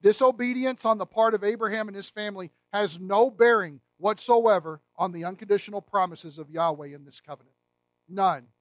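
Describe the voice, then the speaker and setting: A man's voice: sits high, a little fast, no echo. A man preaching a sermon, emphatic and asking the congregation rhetorical questions. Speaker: pastor.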